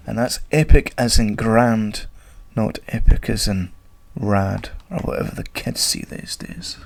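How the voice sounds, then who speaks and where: A Scottish YouTuber with a croaky voice, casually flubbing takes and swearing at his own mistakes. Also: medium pitch, animated, measured pace, few pauses, a little mellow. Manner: swears freely at his own flubs, self-mocking.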